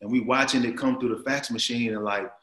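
A man in his thirties telling a story in casual chat, animated and full of slang and fillers. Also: medium pitch, brisk. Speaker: guest. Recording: roomy echo.

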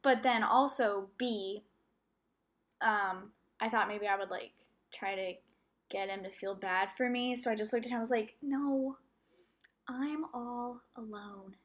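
A woman's voice: medium pitch, moderate pace. A young adult woman hosting a solo podcast, rambling through a personal story with lots of fillers and self-corrections. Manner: animated, acting out her own reactions. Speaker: podcast host.

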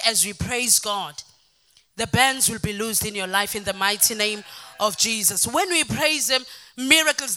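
A woman preaching with fervour, her high voice ringing bright and keen. She repeats her phrases over and over, building them toward a shout as she urges the room on. It is the steady, driving cadence of a sermon. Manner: fervent, rising to shouted exhortation. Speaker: pastor's wife leading worship. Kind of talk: exhorting sermon.

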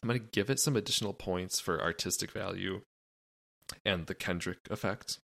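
A man's voice: deep voice, normal speed, creaky, a bit bright, no echo, clean studio sound. A young man co-hosting a podcast, rambling loosely and cracking crude jokes. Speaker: podcast co-host. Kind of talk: casual chat.

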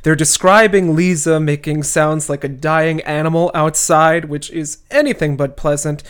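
A man's voice: on the high side, steady tone, moderate pace, a bit bright, clean tone. A man hosting a podcast, casually retelling a classic novel with wry, chatty asides. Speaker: podcast host. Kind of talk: casual book recap.

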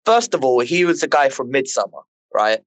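A man co-hosting a casual film podcast with friends, ranting in slang in an animated way. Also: mid-range voice, normal speed, no room sound. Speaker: podcast co-host.

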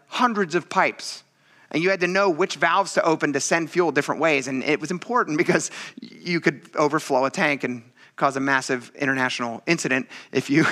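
Man, pastor, sermon, animated storyteller, high voice, bright tone. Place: church.

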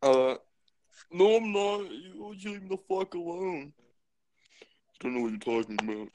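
A man's voice: sits high, animated, a little slow, background noise. A man hosting a podcast in casual, joking chat, swearing freely. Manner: crude, joking, swears a lot. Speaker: podcast host.

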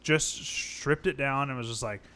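A man's voice: medium pitch, measured pace, smooth. A man co-hosting a casual film podcast, retelling scenes by acting out the characters' lines. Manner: animated, acts out scenes in quoted voices. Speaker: podcast co-host. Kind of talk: casual movie review chat.

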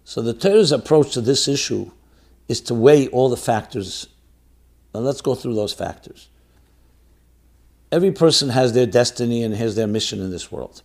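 Earnest, emphatic rabbi giving guidance. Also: male voice, medium pitch, expressive, normal speed, vocal fry, long pauses, darkish tone. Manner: earnest and emphatic, repeating key phrases; sprinkles in Hebrew and Yiddish religious terms. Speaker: rabbi hosting a question-and-answer show. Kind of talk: answering a listener's question with religious guidance.

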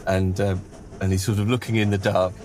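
Low-voiced man running a tabletop game. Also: level tone. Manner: halting, lots of fillers and restarts. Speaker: game master.

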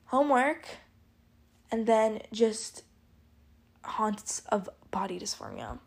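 A teenage girl talks through her week on a solo podcast, slightly high-voiced and loosely rambling. She circles back on herself, peppers every sentence with fillers, and speaks openly about what bothers her. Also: very animated, slow, vocal fry. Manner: rambling, chatty, lots of "like"; candid, confiding. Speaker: podcast host.

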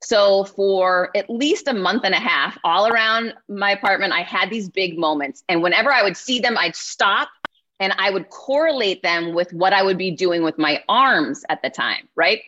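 A woman in her forties giving an energetic motivational keynote, often checking in with her listeners. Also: mid-range voice, normal speed. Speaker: keynote speaker. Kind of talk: motivational speech. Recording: slightly muffled lo-fi sound.

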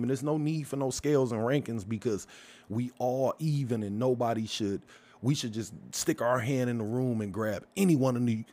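Man, vlogger, mid-range pitch, casual profane rant, blunt, heated. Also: darkish tone.

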